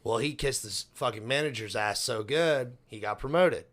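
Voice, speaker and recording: A man's voice: mid-range voice, moderate pace, a bit bright. Foul-mouthed young man telling a story. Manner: profane storytelling, swearing constantly. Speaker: podcast co-host. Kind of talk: casual chat.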